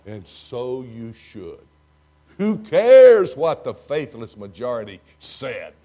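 An older man with a Texan accent preaching a sermon to a congregation, swinging from loud, emphatic lines to hushed ones. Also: lowish voice, lively intonation, slow. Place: church before a congregation.

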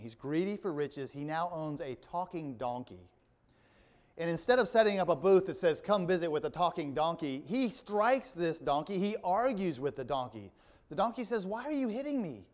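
A man's voice: a little high, darkish tone. A male pastor preaching a sermon, reading scripture aloud and explaining it, with wry asides.

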